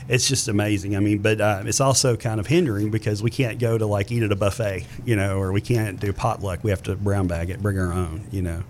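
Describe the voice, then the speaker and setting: A man's voice: lowish voice, steady tone, fairly quick, few pauses, a little mellow, a little hiss or hum. A man in his thirties, a guest on a radio talk show, speaking earnestly and devoutly about his faith and his family. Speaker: radio show guest, husband of a transplant patient. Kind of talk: radio interview.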